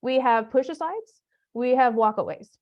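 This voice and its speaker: A woman leads a teacher workshop in a relaxed, conversational way, using humor and everyday classroom examples. Her voice sits on the higher side. The recording is dull and lo-fi. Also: moderate pace. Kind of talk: conference workshop talk.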